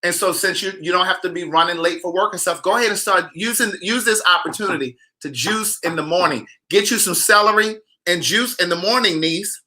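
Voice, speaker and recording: Male host, sassy, animated gossip chatter, very bright and forceful tone. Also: sits high, a little fast, few pauses. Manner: animated, sassy, talks straight to viewers. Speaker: author hosting a live chat. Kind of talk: casual gossip chat reading viewer comments.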